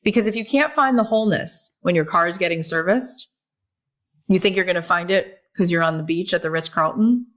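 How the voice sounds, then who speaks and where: A woman guest on a podcast, telling stories in a lively, chatty way, full of "like" and "right?". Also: on the low side, fairly quick. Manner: animated storyteller, many fillers like "like" and "right?". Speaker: guest, author and podcast host. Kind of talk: casual podcast conversation.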